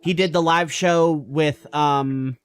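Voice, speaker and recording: A man's voice: on the high side, slow pace, clear, resonant tone, no room sound, soft background music. A man streaming a game and chatting loosely with a friend on a voice call, with hesitant restarts. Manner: relaxed, hesitant, many "uh" and restarts. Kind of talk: casual voice-chat while gaming.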